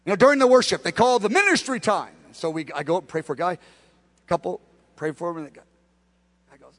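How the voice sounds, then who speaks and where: A man's voice: sits high, animated, quick pace. A male pastor telling a story in a sermon, animatedly acting out both sides of conversations. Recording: long hall reverb.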